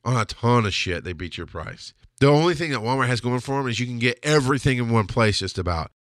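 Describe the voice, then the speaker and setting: A man's voice: medium pitch, lively intonation, fast talker, a bit bright, dry recording, studio quality. A man hosting a podcast, delivering a blunt, heated, profane solo rant. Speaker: podcast host. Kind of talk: ranting solo monologue.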